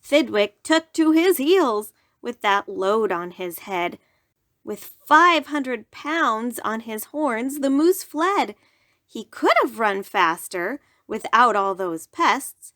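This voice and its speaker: A woman reads a rhyming picture book aloud at bedtime, slow and deliberate. Her pitch sits a little high and moves a lot, rising and falling with the verse. The recording is close and dry. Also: no room sound. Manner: animated rhyming read-aloud. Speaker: storyteller. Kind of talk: bedtime story reading.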